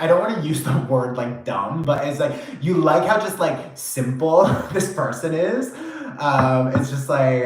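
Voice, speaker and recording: Chatty, animated tarot-reading man. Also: medium pitch, heavy reverb. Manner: chatty, animated, full of fillers and swearing. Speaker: tarot reader. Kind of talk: casual pick-a-pile tarot reading.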